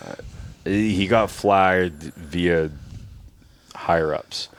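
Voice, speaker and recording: Low-voiced podcast host dude, crude jokes, swears a lot. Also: male voice, very slow. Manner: crude, joking, profane storyteller. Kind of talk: casual podcast chat.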